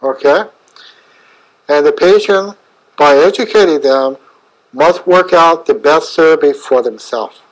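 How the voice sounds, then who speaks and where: A middle-aged man giving an unscripted webinar lecture as a chiropractor, speaking in halting, fragmented phrases with frequent fillers. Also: fairly high pitch, poor audio.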